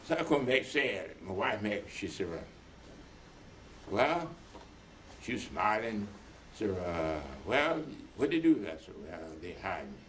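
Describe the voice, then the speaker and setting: A man's voice: medium pitch, a bit bright, slight background noise. An older man in an oral history interview, telling stories at length and acting out the voices of the people in them. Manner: rambling, retells dialogue in voices. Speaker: veteran being interviewed.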